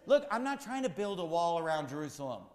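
A man preaching a sermon as pastor, repeating his points with rising, shouted emphasis. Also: a little high, very animated, fast talker, reverberant, long reverb tail.

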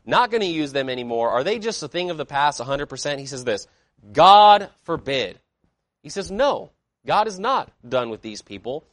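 A pastor with a fairly high voice addresses his congregation in an emphatic preaching manner, asking rhetorical questions and moving between loud declarations and quiet asides. The recording is dry.

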